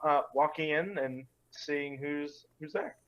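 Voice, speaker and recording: A man playing a tabletop game gives short, dry, matter-of-fact answers. His voice sits a little high for a man. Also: steady tone, slow, fairly bright tone, dull audio. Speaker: player. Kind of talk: casual tabletop play.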